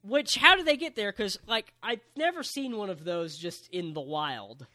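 Man, fairly high voice, casual podcast co-host, joking recap. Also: expressive, normal speed, bright, forceful tone. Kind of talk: casual chat.

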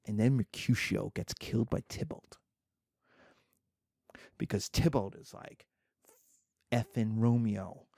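A man in his fifties giving a classroom lecture, animated and jokey, with digressions along the way. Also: on the low side, a little slow, gravelly, long pauses, husky, no echo, clean studio sound. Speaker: teacher.

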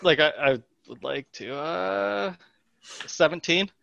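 Gravelly man player. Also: fairly high pitch, slow, pushed and bright. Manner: hesitant, short questions. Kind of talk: tabletop game chat. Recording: dull mic.

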